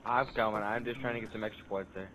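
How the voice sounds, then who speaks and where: A man's voice: on the low side, fairly even intonation, fast. A man chatting casually with friends while playing a video game, speaking hesitantly and stumbling over his words. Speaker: co-player. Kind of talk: casual gaming banter. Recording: loud noise and clicks behind voice.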